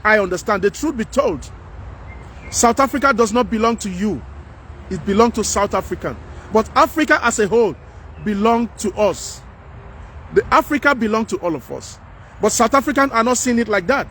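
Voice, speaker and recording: Nigerian man, high-pitched, impassioned repetitive commentary, light outdoor hum behind. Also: expressive, moderate pace, fairly bright tone. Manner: preachy, repetitive, emphatic. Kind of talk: impassioned monologue.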